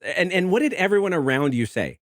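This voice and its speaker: A man's voice: high-pitched, very animated, a little fast, no echo, studio quality. A man hosting an interview podcast, chatting casually and laughing along with his guest. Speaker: podcast host.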